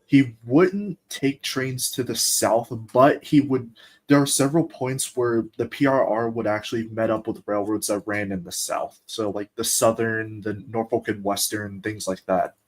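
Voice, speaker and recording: A man's voice: lowish voice, steady tone. A young man from the eastern US, chatting casually on a stream, rambling and playful. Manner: rambling, playful, with quick put-on voices. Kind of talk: casual chat.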